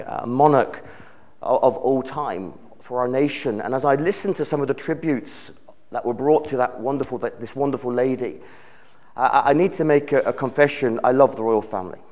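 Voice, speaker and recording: A man's voice: mid-range voice, moderate pace, darkish tone, lo-fi sound. Earnest man preaching. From United Kingdom. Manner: earnest, repeats words while building phrases. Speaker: visiting preacher. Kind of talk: sermon. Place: church service.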